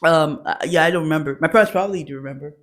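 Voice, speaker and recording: A woman's voice: low voice, rapid-fire. A young woman hosting a comedy show, telling childhood stories with frequent giggles. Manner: giggles often while telling stories, acts out quotes. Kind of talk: laughing personal storytelling.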